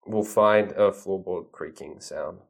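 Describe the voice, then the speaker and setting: A man's voice: sits low, slow. A man tutoring a learner one-on-one, reading a storybook aloud, explaining words and acting out quotes with playful mock grumbling.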